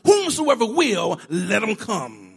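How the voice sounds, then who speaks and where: High raspy-voiced preacher. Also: male voice, wildly swooping pitch, slow pace. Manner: rousing, swings from hushed to shouting, half-sung lines. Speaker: pastor. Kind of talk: sermon.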